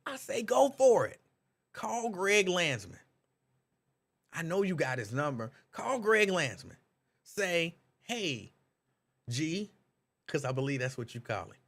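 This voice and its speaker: A man hosting a live talk stream, reading viewers' comments aloud and riffing on them in an animated, direct way. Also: medium pitch. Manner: animated, talks straight to chat viewers. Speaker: talk show host reading live chat.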